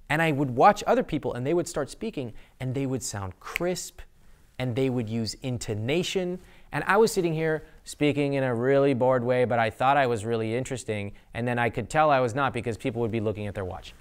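A male host speaks to camera in a studio for an instructional talk, using a mid-range voice. He's expressive and deliberately slows his delivery whenever he wants a point to land.

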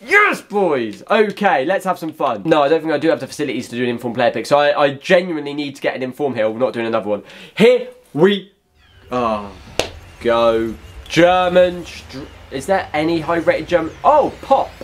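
A young man commentating on his own gameplay, talking to viewers in an excitable, chatty way and shouting at big moments. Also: a little high, normal speed, a little hiss or hum. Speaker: gaming YouTuber.

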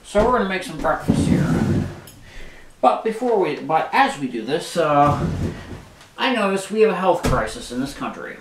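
A man's voice: fairly high pitch, very animated. Rambling man in an echoey kitchen. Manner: frustrated, rambling, halting with many fillers. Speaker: vlogger. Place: home kitchen. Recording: echoey room, mic far off, loud kitchen noise. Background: dishes, pots, pans and drawers clattering.

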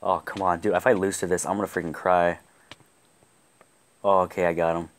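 A young man giving live gameplay commentary, excitable, often laughing and yelling at the game. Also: deep voice, brisk. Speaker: gaming YouTuber.

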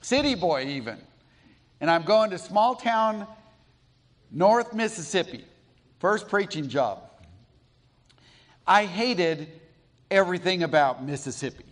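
A middle-aged man from Colorado preaching a sermon in a church, telling stories slowly and deliberately with pauses. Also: sits high, animated. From Colorado, USA. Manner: storytelling, slow and deliberate with pauses. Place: church sanctuary.

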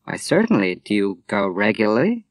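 A quiet, courteous middle-aged naval captain who speaks low and softly, as read by a male narrator. His manner is polite and restrained, in a dry, close recording. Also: huge pitch swings, normal speed, no room sound. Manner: soft-spoken, polite and restrained.

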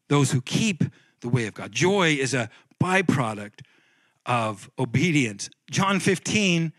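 A man's voice: mid-range voice, sing-song, takes it slowly, fairly bright tone, no echo. A male pastor preaching a conversational sermon, often repeating words and restarting phrases. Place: church sanctuary.

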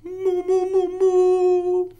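A man voicing a storybook cow, mooing in swoops from very high to low. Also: huge pitch swings, extremely slow, darkish tone, heavily acted. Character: mooing cow of every size.

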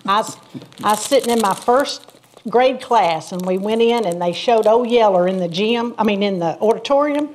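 A gossipy country church lady, acted by a woman, rattles off teasing stories. Her voice sits at a middling pitch. She chatters on with comic confidence. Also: a little mellow, lightly acted. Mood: chatty. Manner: chatty, teasing, quick to laugh at her own jokes. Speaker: comedy character visiting a diner show. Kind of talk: comic banter on a talk show.

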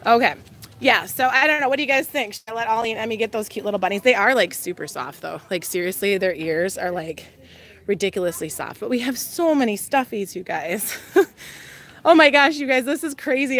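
A woman's voice: a little high, fairly quick, a little hiss or hum. A woman in her thirties chatting on a live stream as she walks through a big store, bubbly and laughing often, a bit out of breath. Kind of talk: casual live-stream chat. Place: large store.

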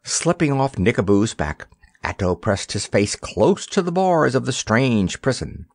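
A man reading a children's fantasy audiobook aloud in an expressive storytelling manner. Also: mid-range voice, a little slow, gravelly, no echo, studio quality. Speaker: narrator. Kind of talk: audiobook narration.

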